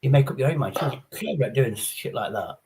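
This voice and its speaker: A man's voice: medium pitch, animated, quick pace, mellow. A middle-aged man, chatting casually on a livestream as the host, blunt, sweary and rambling. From England. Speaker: streamer. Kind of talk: casual chat. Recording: faint background noise.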